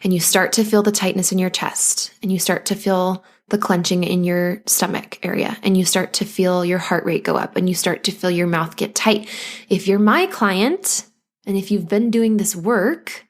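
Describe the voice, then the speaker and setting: A woman hosting a solo podcast as a postpartum coach, talking listeners gently through anxiety and now and then acting out their worried thoughts. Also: mid-range voice. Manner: gentle, coaching, acts out anxious inner voices.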